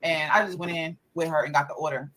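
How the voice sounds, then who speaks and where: A woman's voice: deep voice, steady tone, fast, fairly bright tone, a little hiss or hum, rough recording. Exasperated woman ranting about her kids. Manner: exasperated, profane ranting with repeated phrases. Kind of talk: casual vlog storytelling.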